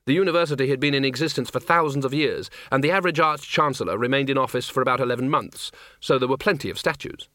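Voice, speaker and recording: Bright-voiced male audiobook narrator. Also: medium pitch, fast talker, hardly any pauses, no echo, studio quality. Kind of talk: scripted narration.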